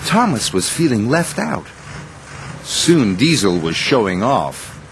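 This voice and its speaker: A man narrating a children's storybook in a slow, expressive manner. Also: medium pitch, a little hiss or hum. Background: music.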